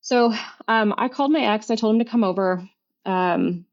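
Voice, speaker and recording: Middle-aged woman, halting and earnest, lo-fi sound. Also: medium pitch, darkish tone. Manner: earnest, halting, with many restarts and fillers. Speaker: podcast guest. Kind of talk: personal story in conversation. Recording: dull lo-fi recording.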